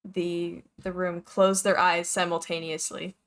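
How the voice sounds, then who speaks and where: A woman narrating as game master of a tabletop game, playful and quick to laugh as she describes each scene. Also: fairly low pitch, flat delivery, fairly bright tone.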